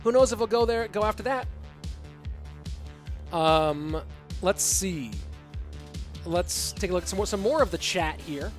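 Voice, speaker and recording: A man casting a live esports match, excitable and rambling, with chatty asides to the viewers. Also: sits high, unhurried, pauses often, faint music behind. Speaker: esports caster and streamer. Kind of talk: live esports commentary with chat reading.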